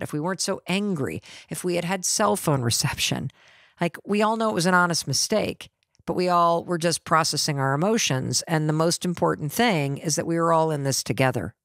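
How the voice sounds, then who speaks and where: A middle-aged woman hosting a podcast, telling a personal story in an animated way and acting out what her family said. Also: low voice, no echo, studio quality. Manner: animated, acts out quoted family dialogue. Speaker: podcast host.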